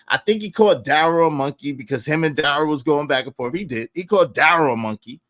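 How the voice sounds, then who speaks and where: Middle-aged man, stream host, combative rant, bright ringing tone, dry close sound. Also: on the high side, no echo. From Brooklyn, New York. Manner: confrontational, repeats phrases for emphasis, swings loud. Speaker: livestream host. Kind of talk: heated livestream rant.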